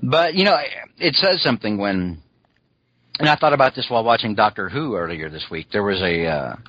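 A man's voice: lowish voice, animated, a little fast, a bit bright, no room sound, dull audio. A man co-hosting a podcast, chatting casually and rambling, with lots of "you know" asides. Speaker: podcast co-host. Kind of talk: casual chat.

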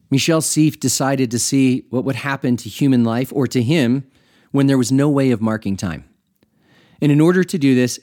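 A man's voice: mid-range voice, mellow. A middle-aged man hosting a podcast, teaching in a reflective, conversational way with self-amused asides to the listener. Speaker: podcast host.

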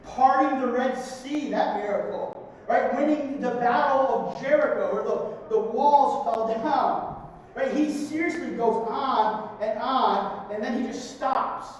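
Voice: mid-range voice, slow pace. Pastor heard from far off in an echoey hall. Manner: keeps asking "right?" after points. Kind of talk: conversational sermon. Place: church sanctuary. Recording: distant, echoey hall recording with faint noise.

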